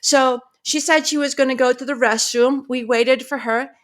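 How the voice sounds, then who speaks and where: High-voiced woman telling a lively story. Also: normal speed. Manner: animated, expressive storyteller. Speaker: guest, pediatrician. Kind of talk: storytelling in a podcast interview.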